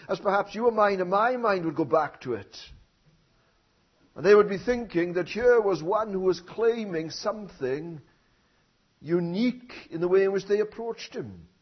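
High-voiced husky male preacher. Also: lo-fi sound. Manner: rhetorical tag questions, swelling emphasis. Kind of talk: sermon.

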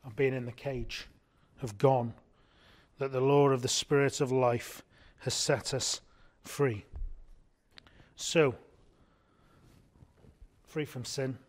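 A man preaching a sermon in an earnest way, often asking his congregation rhetorical questions. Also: medium pitch.

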